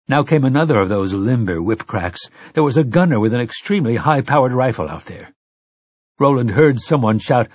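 A man narrates an audiobook in a husky, mid-pitched voice, measured and dramatic. The sound is dry and close, with no room echo. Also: a little mellow. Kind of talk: scripted narration.

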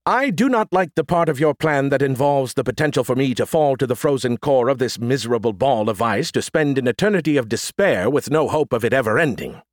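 A man's voice: medium pitch, animated, a little fast, few pauses, dry recording, clean studio sound, natural voice. A man voicing an arrogant, sarcastic male alien AI in an audiobook, snarky and theatrical. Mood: lecturing. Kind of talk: audiobook character voice.

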